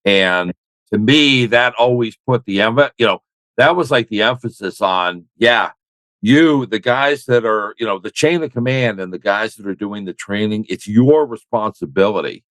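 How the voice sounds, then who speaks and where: An older man with a fairly low voice tells a meandering war story, doubling back on his words with dry humor. His voice sounds close and dry, with no room around it. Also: normal speed, fairly bright tone, dry recording, poor audio. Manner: rambling, self-correcting, wry. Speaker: military veteran guest. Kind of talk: conversational storytelling.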